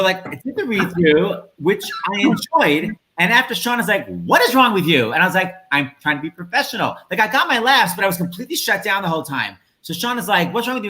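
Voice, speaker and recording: A man hosting a live-streamed chat over a video call, telling stories in a quick, animated way. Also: high-pitched. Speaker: host.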